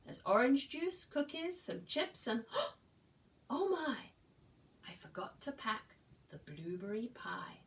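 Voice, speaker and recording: A woman doing a brisk, chiding storybook mum. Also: on the high side, big pitch swings, distant mic, heavily acted. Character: cheerful brisk mother, fond and dismissive.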